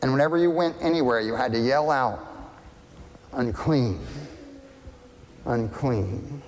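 A man's voice: mid-range voice, fast talker, long reverb tail, a little hiss or hum. A male pastor preaching a sermon in a conversational, emphatic way, asking rhetorical questions.

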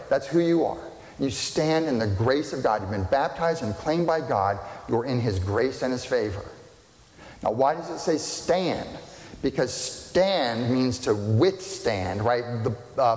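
A male pastor preaching with emphasis, repeating words and firing questions at the congregation. His voice sits at an ordinary middle pitch. It carries through a large church hall that rings with long reverb. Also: a little mellow. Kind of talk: sermon. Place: church sanctuary.

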